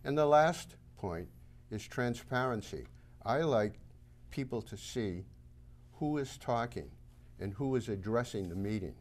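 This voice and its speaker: A man's voice: mid-range voice, lively intonation, a little slow, darkish tone. A man with a Boston accent, a town moderator candidate on a local talk show, laying out his points emphatically and with confidence. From Massachusetts. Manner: emphatic, list-making, self-assured.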